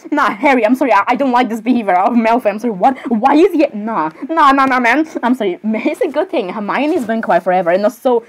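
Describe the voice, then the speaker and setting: A woman's voice: on the high side, expressive, a little fast, hardly any pauses, rough recording. A woman performing an improvised comedy skit alone, switching between characters with a hesitant, apologetic, giggly delivery. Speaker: solo skit performer voicing many characters.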